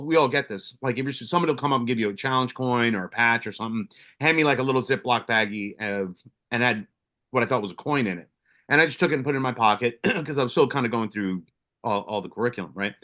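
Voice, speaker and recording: A man's voice: medium pitch, fairly bright tone. A middle-aged man, a retired first responder co-hosting a support show, telling stories in a blunt, rambling way with frequent profanity and restarts. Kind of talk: casual storytelling.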